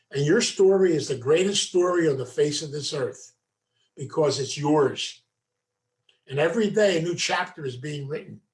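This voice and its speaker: A man, a meditation teacher, giving a folksy storytelling talk to a group, full of asides. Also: fairly high pitch. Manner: folksy, conversational, many asides.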